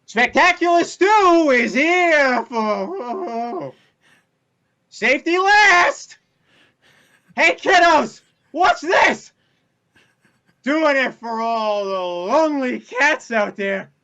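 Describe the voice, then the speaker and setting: A voice actor playing a reckless, excitable robot stunt driver with a showman's flair. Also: sits high, drawn-out words, long pauses, dull audio, full character voice. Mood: showy.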